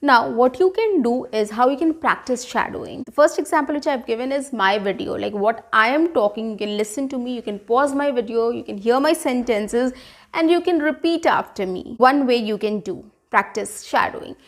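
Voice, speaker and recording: A woman gives a spoken lesson in a high voice. She explains patiently, repeating her points and checking in with "right?" as she goes. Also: normal speed. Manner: explains with repetition, keeps asking "right?". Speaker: English teacher.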